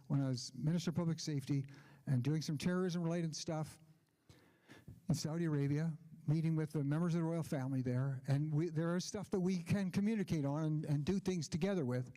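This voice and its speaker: A man's voice: a little high, dark tone. An older man giving a conference keynote speech, telling stories with asides. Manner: anecdotal storytelling with asides. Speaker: keynote speaker.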